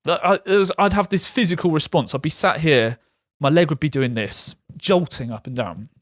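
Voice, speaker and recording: A man's voice: a little high, expressive, moderate pace, no room sound, studio quality. A young man telling his own illness story frankly, laughing off the hard parts. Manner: frank and self-deprecating, laughs at hard moments. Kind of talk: candid personal storytelling.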